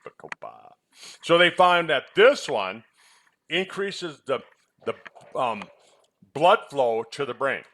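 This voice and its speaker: A man's voice: on the high side, lively intonation, takes it slowly, bright, forceful tone. A man who presents health products and once ran a clinic, chatting in a rambling way and teasing his co-host with quiz questions. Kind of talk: casual chat about supplements.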